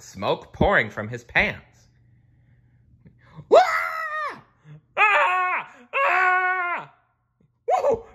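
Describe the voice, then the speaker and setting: A man reading a children's storybook aloud, expressive, with playful asides. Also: lowish voice, husky. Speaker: narrator.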